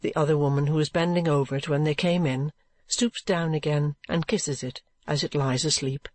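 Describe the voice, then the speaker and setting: A woman narrating a classic novel in an audiobook with measured, even storytelling. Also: deep voice, no room sound.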